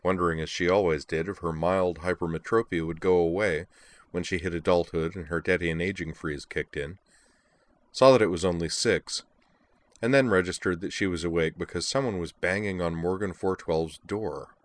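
A man reading a story aloud as narrator, in a steady, even delivery. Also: low-pitched, normal speed.

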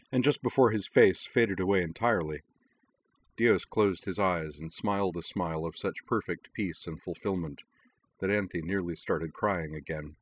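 A man narrating a story aloud in a steady, dramatic reading. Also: sits low. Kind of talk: audiobook reading of fan fiction.

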